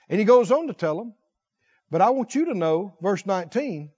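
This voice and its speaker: High-pitched emphatic male preacher. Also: sing-song, moderate pace, slightly rough. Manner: emphatic, swings from low intensity to shouting; rhetorical questions to the congregation. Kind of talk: sermon. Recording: dull lo-fi sound.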